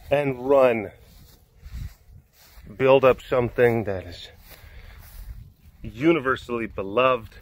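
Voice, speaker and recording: A man's voice: medium pitch, a bit bright. Rambling, jokey man talking outdoors. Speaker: vlog host at a big cat facility. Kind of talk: casual walk-and-talk vlog. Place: outdoors on a hot afternoon.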